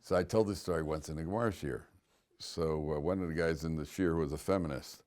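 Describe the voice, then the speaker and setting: Low-voiced rabbi telling stories in class. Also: male voice, brisk, a little mellow. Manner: chatty storyteller, chuckles at his own punchlines. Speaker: rabbi teaching a Torah class. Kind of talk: informal Torah lecture with stories.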